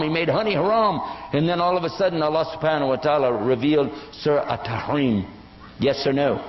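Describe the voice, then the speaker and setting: Fairly high and fast, this older man's voice carries an Islamic lecture built on animated stories where he acts out the quoted voices. He is a preacher recorded in an echoey hall with dull lo-fi sound.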